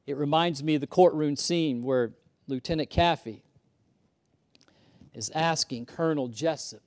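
Guy preaching a sermon, swings loud and soft, voice on the higher side. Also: measured pace, pauses often. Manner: emphatic, rising and falling, acts out quotes. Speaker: pastor.

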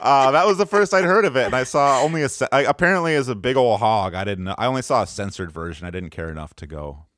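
A man co-hosting a comedy podcast, joking crudely in quick, casual banter. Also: mid-range voice, expressive, fairly bright tone, no room sound, clean studio sound. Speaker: podcast co-host.

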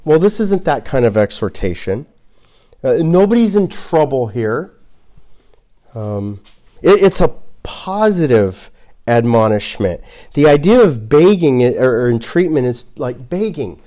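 A man preaching a sermon in an animated, conversational way, acting out little quotes as he teaches. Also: medium pitch, measured pace. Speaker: pastor.

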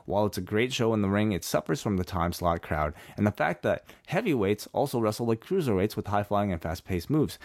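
Lively low-voiced sick man. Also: no echo, studio quality. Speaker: podcast co-host. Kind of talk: casual chat.

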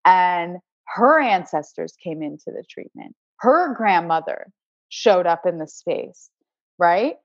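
A woman's voice: on the low side, animated, slow, dry recording. A woman guest on a podcast who works as an acupuncturist, telling a personal healing story in an earnest, spiritual way and often repeating words as she searches for them. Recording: dry, slightly dull recording.

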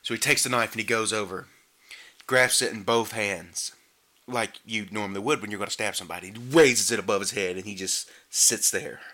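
A man giving a sarcastic, animated comedic recap of a bad horror movie, mocking the acting. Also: fairly quick. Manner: sarcastic, animated, mocks the acting with squeaky imitations. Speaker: movie reviewer.

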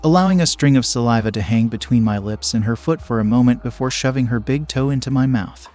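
A man narrating a first-person story in a steady, measured way. His voice sits in an ordinary middle pitch. Faint music plays underneath the reading.

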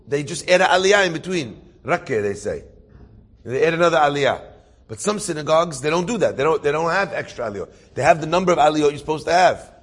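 A man's voice: on the high side, fairly bright tone, breathy edge. A man telling an inspirational story as a sermon, acting out the characters and building to emphatic preaching.

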